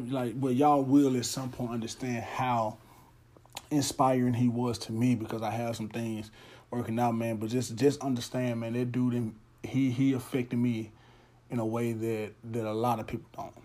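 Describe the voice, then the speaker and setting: Alone on his podcast, a young man speaks in a casual, loose monologue with heartfelt, earnest conviction, frequently stumbling back over his words before pushing on. His voice is dark, mellow, and medium-pitched.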